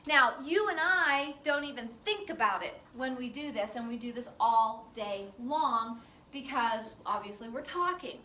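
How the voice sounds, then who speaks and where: Casting: female lecturer, high bright voice, chatty with fillers, recorded from far off in an echoey classroom. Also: expressive, measured pace, slight background noise. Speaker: teacher.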